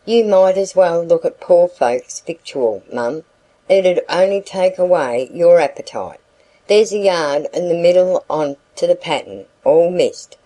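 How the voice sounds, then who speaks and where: A wheedling male packman with a broad country dialect, as a woman reader puts him on. He rolls out his coaxing sales patter at an unhurried pace in a low, mellow voice, all flattery and mock reluctance. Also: poor audio.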